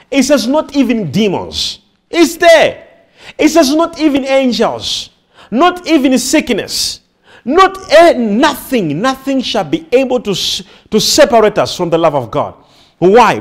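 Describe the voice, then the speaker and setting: Male preacher, high and lively pitch, emphatic, repetitive, call-and-response. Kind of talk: sermon.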